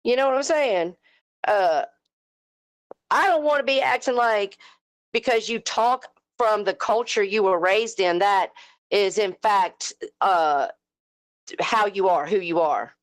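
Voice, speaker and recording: A Southern US woman holds forth on a home livestream, blunt, heated and full of curses. Her voice sits at a middling pitch, dry and close on a headset mic. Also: slow pace, no echo. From American South. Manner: blunt, profane, fired-up. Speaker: livestream co-host. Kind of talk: heated casual livestream rant. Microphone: headphones with mic.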